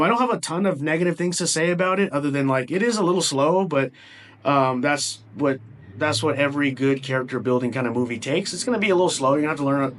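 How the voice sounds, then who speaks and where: A man's voice: on the high side, fairly bright tone. A young man giving a casual film review, rambling and enthusiastic with lots of fillers and restarts. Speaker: movie reviewer.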